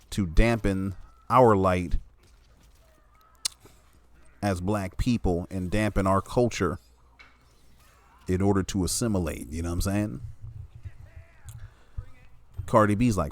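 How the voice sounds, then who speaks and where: A man's voice: low voice, no echo. A man delivering a blunt, heavily profane opinion monologue, stressing his points hard and often checking in with "you know what I'm saying.". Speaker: commentator.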